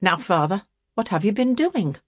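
A woman voicing a hard, sharp-tongued young woman who gives orders. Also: lowish voice, very animated, measured pace, breathy edge, dry recording, clean studio sound, exaggerated voice. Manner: sharp, commanding.

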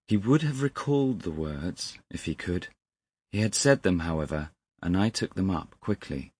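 A man narrating a classic story as an audiobook in a measured, deliberate manner. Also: low voice, expressive, darkish tone, husky, dry recording.

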